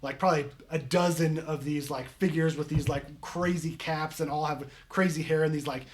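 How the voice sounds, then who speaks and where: A young man running a tabletop game, his voice sitting a little high for a man. He describes scenes in loose, rambling sentences, full of ums and likes and restarts. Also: fairly even intonation, moderate pace. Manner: rambling, many fillers. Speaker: game master.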